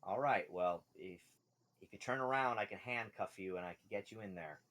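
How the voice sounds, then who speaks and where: A man's voice: on the low side, fairly quick, a bit bright, pitched below the performer's own voice, natural voice. An actor playing a male drow guard who sweet-talks and then turns threatening, in a tabletop game. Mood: warning.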